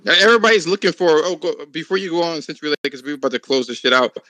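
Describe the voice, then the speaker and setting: A man hosting a casual podcast chat, talking in an animated, profane, ranting way. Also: on the high side, racing, no echo, rough recording.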